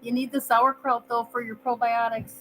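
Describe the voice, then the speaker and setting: A woman's voice: on the high side, flat delivery, moderate pace, bright, forceful tone, slight background noise, poor audio. A woman co-hosting a casual live stream over a video call, chatty and a bit apologetic, with light laughs. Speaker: co-host.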